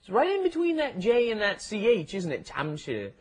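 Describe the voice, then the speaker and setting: Lively chatty man teaching Korean. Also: very high voice, fairly quick. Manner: chatty, explains with many "right?" tags. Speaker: Korean language teacher co-host. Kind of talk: casual podcast lesson.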